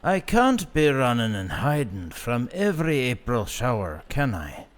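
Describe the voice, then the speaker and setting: A man voicing a frail, stubborn old grandfather who speaks slowly and gruffly in an audio story. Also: medium pitch, huge pitch swings.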